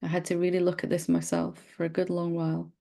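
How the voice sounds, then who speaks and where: A middle-aged woman leading a satsang dialogue as a spiritual teacher, speaking gently and playfully, sometimes teasing. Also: fairly low pitch, completely flat delivery, quick pace, creaky.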